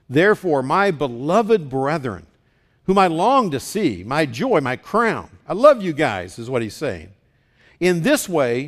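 A pastor preaching a sermon in church in a conversational way, asking the congregation questions. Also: male voice, on the high side.

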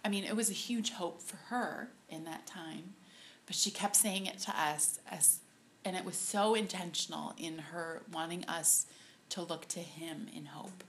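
A woman giving a personal faith testimony to a group, halting and softly emotional, with many pauses and fillers. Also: lowish voice, slight background noise. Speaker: speaker at a women's ministry talk.

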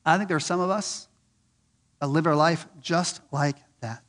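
Earnest high-pitched male preacher. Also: normal speed. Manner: earnest, repeats questions for emphasis; rises high and loud on key points, drops low and soft on others. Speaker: pastor. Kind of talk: sermon.

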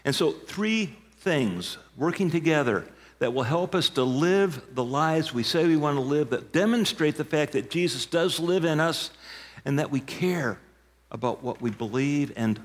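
A man in his sixties, a pastor of many years, preaching a sermon and telling stories with emphatic, shouted punchlines. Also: mid-range voice. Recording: long hall reverb.

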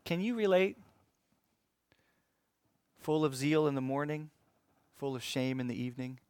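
A man preaching a sermon in an earnest way that swings from emphatic to hushed. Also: mid-range voice, a little slow, smooth, dry recording.

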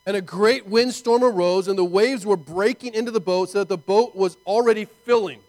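A man preaching a sermon in an animated, conversational way, full of rhetorical asides to his listeners. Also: high voice, moderate pace, low-quality recording. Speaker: pastor.

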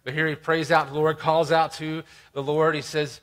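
A man's voice: fairly high pitch, steady tone, moderate pace, few pauses, a bit bright. Earnest man preaching an expository sermon. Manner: earnest, emphatic preaching, reading scripture aloud with rising stress. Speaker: pastor.

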